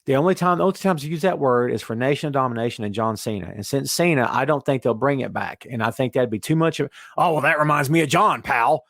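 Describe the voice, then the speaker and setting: A man hosting a casual wrestling podcast, talking in an animated way and reading listener comments aloud. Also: medium pitch, quick pace, hardly any pauses, dry recording, studio quality. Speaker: podcast host.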